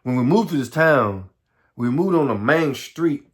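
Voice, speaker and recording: Man, Southern American accent, middle-aged, halting storyteller, repeats words, mid-range pitch. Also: expressive. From Southern United States. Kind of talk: personal life story monologue.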